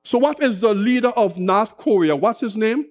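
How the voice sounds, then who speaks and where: A man preaching a sermon as pastor, slow and impassioned with dramatic pauses. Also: sits high, expressive.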